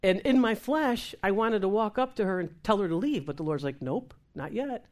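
A woman minister telling a lively testimony in conversation, acting out the voices of the people in her story and laughing as she goes. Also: mid-range voice, fairly quick. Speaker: Christian minister. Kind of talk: testimony talk show conversation.

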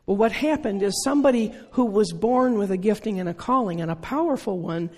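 Older preacher, dark mellow voice, husky edge, earnest sermon, rhetorical questions, long hall reverb. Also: mid-range voice, a little fast.

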